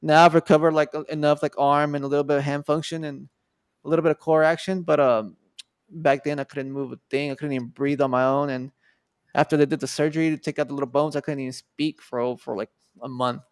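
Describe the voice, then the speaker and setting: A man's voice: on the high side, fairly even intonation, fast, smooth, dry recording, studio quality. A man in his twenties from Texas, telling a personal story in a loose, casual way, full of fillers and swearing. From Texas, USA. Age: 20s. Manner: loose and profane, many fillers. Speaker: guest artist.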